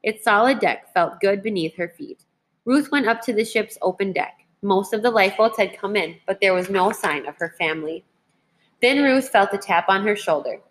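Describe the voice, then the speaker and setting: A woman teacher reading a children's history book aloud in a clear, measured way. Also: mid-range voice, animated.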